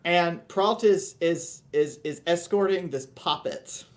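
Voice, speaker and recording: A man running a tabletop fantasy game as game master, narrating with animated, laughing energy. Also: on the high side, slow.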